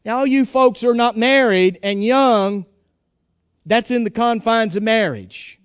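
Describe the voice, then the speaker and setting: A man preaching in a folksy, emphatic way, with jokes mixed in. His voice sits very high for a man and sounds smooth and resonant. The recording is close and dry, with no room sound. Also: unhurried, no echo. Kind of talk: sermon.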